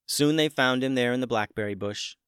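A man narrating a children's story in a gentle, plain way. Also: mid-range voice, fairly quick, clean tone, no echo, clean studio sound.

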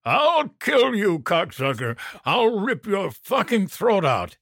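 A man's voice: on the low side, expressive, slow pace, fairly bright tone, no room sound, studio quality. A man voicing a brutal, foul-mouthed adult male biker who snarls profane threats. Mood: raging.

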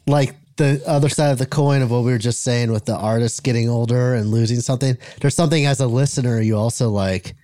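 A man's voice: mid-range voice, fairly even intonation, fast talker, few pauses, mellow, dry recording, clean studio sound. A man co-hosting a podcast, chatting casually and laughing along often. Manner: laid-back, frequent agreeing and laughing. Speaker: podcast co-host. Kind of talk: casual chat.

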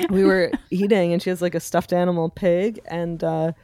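A woman co-hosting a podcast, telling animated, funny anecdotes in casual chat. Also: fairly low pitch, normal speed, no echo. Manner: animated anecdote-teller, quoting a child. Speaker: podcast co-host.

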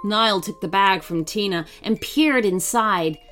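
A woman reads a children's story aloud, expressive and animated. Her voice sits at a middle pitch and moves in wide, lively swings. Soft music plays faintly behind her. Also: a little slow.

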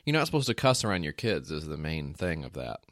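Deep-voiced laid-back podcast co-host, man. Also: big pitch swings, fast, fairly bright tone, dry recording. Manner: laid-back, dry wisecracks. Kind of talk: casual comedic chat.

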